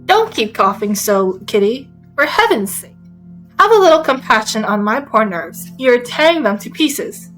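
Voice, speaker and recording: A woman voicing a nervous, excitable middle-aged mother who complains and exclaims. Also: on the high side, a little slow, faint music behind, rough recording. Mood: complaining.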